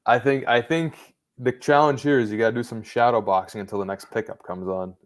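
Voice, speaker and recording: A man's voice: medium pitch, brisk. A man co-hosting a live show, teasing his partner and laughing often. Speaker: co-host.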